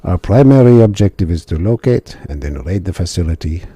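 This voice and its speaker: A man voicing a gruff, commanding mercenary colonel in a video game who briskly briefs a survivor and calls him son. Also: deep voice, animated, dark tone, dry recording. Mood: persuasive.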